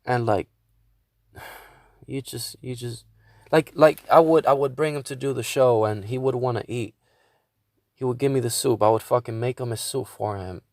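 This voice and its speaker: A man's voice: mid-range voice, normal speed, long pauses, darkish tone, no echo, studio quality. A man hosting his own podcast, venting in a casual monologue with a lot of swearing and stumbling restarts. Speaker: podcast host.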